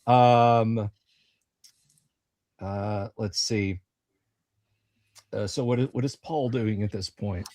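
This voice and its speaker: A man working as dungeon master, describing a scene in a halting way with many pauses and fillers. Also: lowish voice, fairly even intonation, a little mellow, no echo. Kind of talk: running a tabletop game on a livestream.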